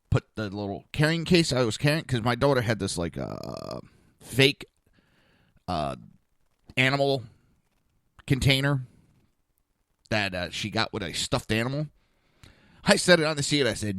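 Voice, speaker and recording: A man's voice: fairly low pitch, moderate pace, no room sound, studio quality. A man hosting a podcast, telling an exasperated story and acting out the dialogue. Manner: animated, exasperated, acts out dialogue. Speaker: podcast host. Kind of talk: casual storytelling monologue.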